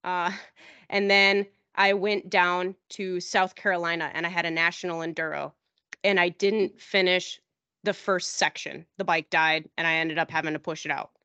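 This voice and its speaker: A woman chatting on a podcast, telling a rambling story and jumping up in pitch when she acts out what others said. The sound is dry with no room at all. The audio is dull and a bit lo-fi. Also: flat delivery, moderate pace, sharp tone, no echo. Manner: rambling, acts out quoted people in a higher voice. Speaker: podcast host. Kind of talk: casual storytelling chat.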